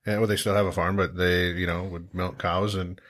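Low-ish guy on a podcast, rambles and trails off, casual. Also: little pitch movement, a little fast, fairly bright tone. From Wisconsin. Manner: rambling, trails off, laughs easily. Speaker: podcast co-host. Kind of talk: casual chat.

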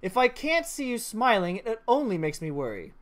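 A woman voicing a gentle, ailing mother in a horror game, calm and reassuring. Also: fairly high pitch, normal speed. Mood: tender.

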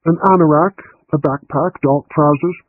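A man reading an audiobook, voicing a sharp-tongued middle-aged woman detective in a blunt, snappish manner. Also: a little high, fairly even intonation, normal speed, slightly rough, no echo, voice pushed up. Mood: brusque. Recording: tinny phone-like line.

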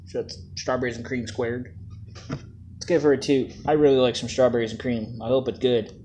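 A man's voice: medium pitch, flat delivery, moderate pace, warm tone, a little hiss or hum. A man casually reviewing vape juices, joking and plain-spoken in a laid-back way.

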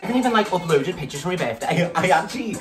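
A man's voice: high-pitched, lively intonation, rapid-fire. Tipsy man rambling over music. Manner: rambling, gossipy, swears a lot. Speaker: vlogger. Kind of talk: casual chatty vlog. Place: his bedroom at home. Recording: distant mic with loud background music. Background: music playing.

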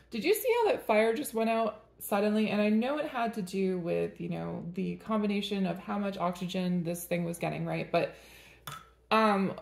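A woman's voice: mid-range voice, creaky, reverberant. A woman giving a tarot reading to camera in a casual, rambling way, chatting and laughing between the cards. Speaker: tarot reader.

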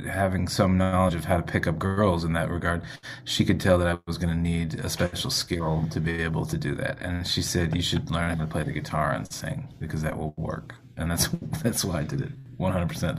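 Musician guest, male, very low voice, thinks out loud, easygoing, light background noise. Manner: rambling, self-questioning, laughs easily. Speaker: singer-songwriter guest. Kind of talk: casual radio interview.

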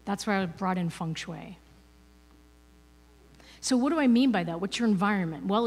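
A woman gives a spiritual talk from the front of a church hall. Her delivery is casual and playful, and she keeps tossing rhetorical questions to the congregation. Her voice sits at an ordinary pitch and echoes through the long reverb of the room. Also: darkish tone. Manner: conversational, playful, asks the audience rhetorical questions. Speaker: guest speaker.

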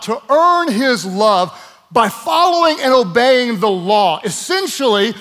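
A man's voice: extremely high pitch, lively intonation, a little slow, sharp tone. A male pastor preaching a sermon, emphatic and calling on the congregation to repeat words aloud, with playful asides. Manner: emphatic, draws the congregation to speak along.

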